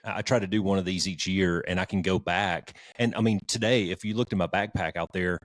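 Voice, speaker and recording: A man's voice: deep voice, fairly even intonation, a little fast, dry recording. A man co-hosting a podcast, chatting casually and rambling through book recommendations with restarts and mild swearing. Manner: rambling, frequent restarts, informal and a bit profane. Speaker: podcast co-host.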